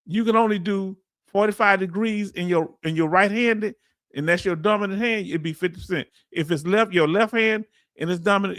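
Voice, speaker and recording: Recorded dry and at studio quality, a high-pitched man with a fairly bright tone and a Southern US accent runs a casual livestream. He goes through viewer comments and explains things in relaxed, talkative speech.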